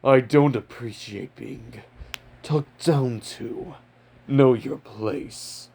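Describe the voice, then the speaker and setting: Guy doing a cold haughty demon king, slow and contemptuous, mid pitch. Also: creaky, warm tone, slightly rough, heavily acted.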